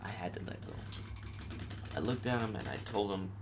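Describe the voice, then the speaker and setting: A man with a low, gravelly voice tells a story on his podcast, loose and profane, full of street slang. Faint noise sits under the recording. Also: expressive, brisk, pauses often. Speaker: podcast host. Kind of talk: casual storytelling monologue.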